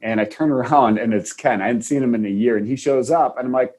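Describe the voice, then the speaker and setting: A man's voice: medium pitch, fast, darkish tone, husky. A man from Wisconsin, a chiropractor, telling a heartfelt personal story in an earnest way, often restarting his sentences. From Wisconsin, USA. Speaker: chiropractor, podcast guest.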